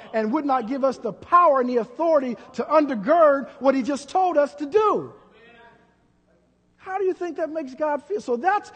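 A man preaching a sermon as pastor, full of rhetorical questions and swinging between loud and soft. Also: extremely high pitch, breathy edge. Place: church. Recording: long church hall reverb.

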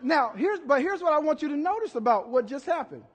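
A man with a notably high voice preaching a sermon to a congregation. He talks in a loose, conversational way and acts out the scenes he describes. The sound carries the long reverb of a church hall. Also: very animated, brisk. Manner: chatty, storytelling with acted quotes and audience volunteers. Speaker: pastor.

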